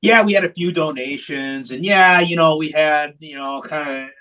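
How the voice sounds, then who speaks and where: A man's voice: fairly high pitch, moderate pace, highs cut off. A man who founded a veterans hockey program, telling its story in an interview with candid, emphatic repetition. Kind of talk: long-form interview storytelling.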